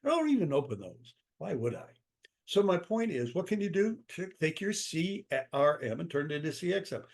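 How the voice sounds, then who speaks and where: Older guy on a podcast, punchy and emphatic, acts out little dialogues, voice sits a bit high. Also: sing-song, normal speed, creaky. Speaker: author and business guest. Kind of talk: interview answer, storytelling.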